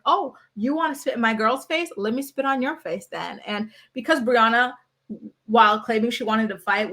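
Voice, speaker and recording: Woman host, animated and sassy reality TV recapper, somewhat high pitch. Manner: animated, sassy, quotes people in mocking voices.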